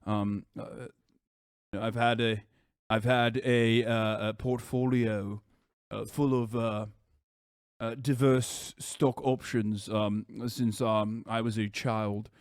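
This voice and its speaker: Man impersonating a low, hesitant posh English politician, mock-pompous, lots of ums. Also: little pitch movement, takes it slowly, clean tone, no room sound, studio quality. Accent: put-on upper-class English. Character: posh stuffy British male politician, halting.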